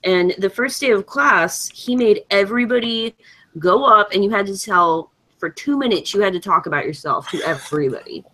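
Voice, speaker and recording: Woman, livestream host, casual chat, lively storyteller, frequent laughs, video call audio. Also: mid-range voice, normal speed.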